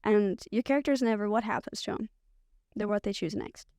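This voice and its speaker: A podcast guest with a mid-range, slightly fast and slightly mellow voice shares a personal story, heard in a dry, studio-quality recording. She's candid and loose, rambling with lots of "like" fillers.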